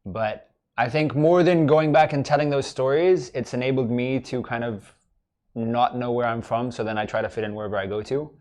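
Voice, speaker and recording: A man in his thirties, a guest in a studio interview, telling stories in a relaxed, joking way. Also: mid-range voice, normal speed. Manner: joking, easygoing storyteller. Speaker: guest, content creator. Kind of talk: casual interview chat.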